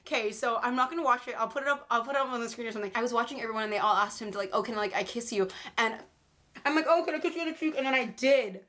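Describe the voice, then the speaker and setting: A woman's voice: on the high side, expressive, fast, pushed and bright. A woman in her twenties telling embarrassing fan stories in a casual vlog, self-mocking and dramatic, swearing casually. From Canada. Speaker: vlogger.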